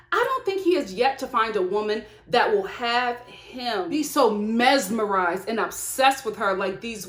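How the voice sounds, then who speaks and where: Sassy, animated woman reviewing TV. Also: on the high side. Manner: animated, laughing, sassy asides. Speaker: reality TV reviewer. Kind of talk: comedic TV recap vlog. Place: indoor room with studio lights. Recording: roomy echo.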